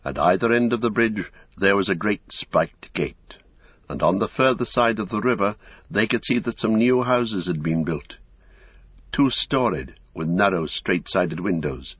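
A man narrating an audiobook in an expressive way, giving each character a voice. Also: low voice, husky, no room sound. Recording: slightly dull lo-fi recording.

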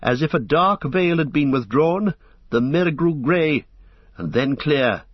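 A man narrating a storybook with steady, even reading, on a dull lo-fi recording. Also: a little high, measured pace, breathy edge, no echo. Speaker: audiobook narrator.

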